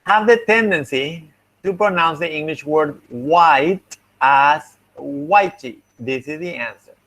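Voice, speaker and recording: A man's voice: fairly high pitch, measured pace, fairly bright tone. A young man teaching a linguistics class, patiently going over exam answers and thinking aloud as he explains. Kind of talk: online class feedback lecture.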